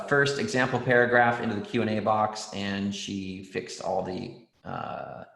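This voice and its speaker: A man with a lowish, gravelly voice teaches an online writing class for children. He is encouraging, reads out his students' answers, and says "um" often, all captured in a recording with a roomy echo.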